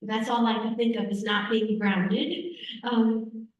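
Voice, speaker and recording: High-voiced woman telling a story in an echoey hall. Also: level tone, takes it slowly, dull audio. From United States. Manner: conversational, vivid storytelling with repetitions for emphasis. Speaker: invited speaker. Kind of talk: personal storytelling talk. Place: church hall. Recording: echoey hall, speaker far from mic.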